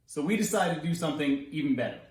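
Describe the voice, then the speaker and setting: A man's voice: on the high side, expressive, quick pace, crowd noise. Man, political candidate, scripted explainer, playful, wry, emphatic, echoey room. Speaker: congressional candidate. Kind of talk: scripted policy explainer with jokes.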